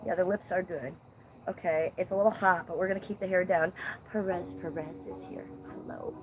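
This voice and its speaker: Brisk and fairly even in intonation, a woman's lowish voice comes through over background noise. She's an Ohio livestream host reading chat outdoors at night in a casual, blunt, playfully profane manner.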